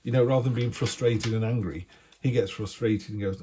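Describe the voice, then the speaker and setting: A man's voice: lowish voice, steady tone, fairly quick, warm tone, slightly rough. A man giving a casual, encouraging weekly tarot reading, chatty and full of restarts. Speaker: tarot reader.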